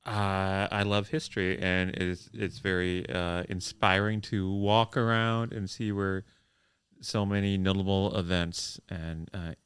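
A man's voice: deep voice, flat delivery, a little slow, a bit bright, smooth, no echo. A young man co-hosting a podcast in casual chat, wry and playing up the jokes. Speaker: podcast co-host.

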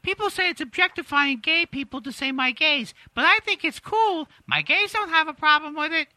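A man doing an impression of a vain, self-absorbed female comedian on a comedy podcast, rambling in a high put-on woman's voice. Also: normal speed, pushed and bright, no room sound, exaggerated voice, rough recording. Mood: smug.

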